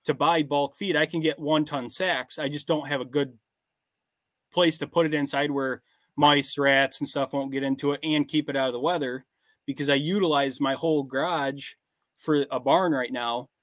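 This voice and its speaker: A man hosting a casual podcast, speaking plainly about his farm and answering with quick short affirmations. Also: on the high side, steady tone, fairly bright tone, dry recording. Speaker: podcast host and farmer.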